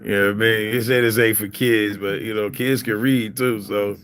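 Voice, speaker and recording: A man's voice: fairly low pitch, steady tone, moderate pace, a bit bright. A young man from Philadelphia with a Philly accent, rambling casually and talking straight to viewers on his livestream. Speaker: livestream host.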